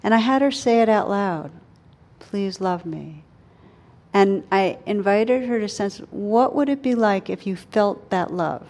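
A meditation teacher gives a dharma talk in a middle-pitched voice that is still animated. She speaks gently and reflectively, her words slowing and softening into quiet pauses.

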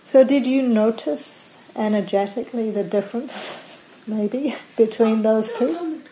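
A woman meditation teacher giving a dharma talk to a group, calm and measured, listing words one at a time with endings that fall away. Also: on the high side, slight background noise, low-quality recording.

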